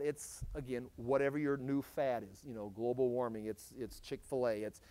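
A middle-aged man teaching through the Bible in a conversational way. He restarts often and swings from loud emphasis to low asides. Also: steady tone, normal speed, hardly any pauses, no echo.

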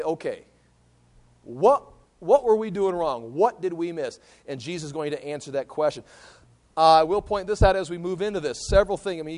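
A man teaching a sermon, reading Bible passages and explaining them in a conversational way that often repeats words. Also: fairly high pitch. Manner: conversational, repeats words while thinking aloud, reads scripture aloud. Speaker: preacher.

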